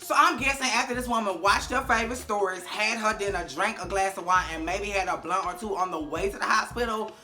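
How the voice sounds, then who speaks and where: Sassy, bright-voiced recap host. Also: medium pitch, fairly quick, few pauses, faint music behind. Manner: sassy, animated and profane, acting out quotes. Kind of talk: casual recap commentary.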